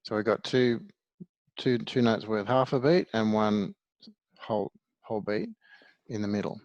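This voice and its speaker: A gravelly-voiced man gives a one-to-one music lesson, patiently breaking each point into small steps. His voice sits a little low and is recorded close and dry, with no room sound. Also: fairly even intonation, measured pace, a little mellow, dry recording, muffled recording. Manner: patient, explains step by step. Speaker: music teacher.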